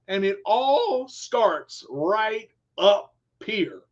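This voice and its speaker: Brief: high-pitched male host, unhurried, preachy motivational talk, lo-fi stream sound. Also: animated. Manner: preachy, repeats himself, addresses viewers as y'all. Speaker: show host.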